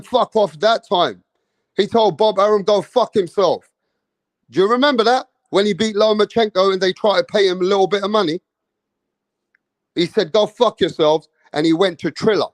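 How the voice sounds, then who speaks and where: A man giving casual boxing commentary, excitable and slangy, repeating himself for emphasis. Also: sits high, no echo.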